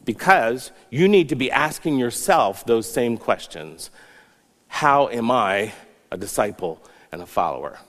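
A man's voice: medium pitch, animated, a little slow, a bit bright, long reverb tail, slight background noise. A man preaching a sermon as a pastor, earnest, rising and falling for emphasis.

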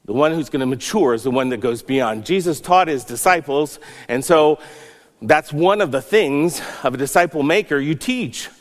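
A man's voice: a little high, expressive, moderate pace, big-room sound. A man preaching a sermon as a pastor, earnest, rising and falling for emphasis.

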